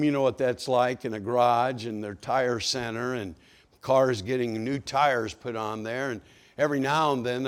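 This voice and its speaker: A man preaching a sermon, telling a story with acted-out dialogue and swinging from hushed to loud. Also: mid-range voice. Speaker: pastor.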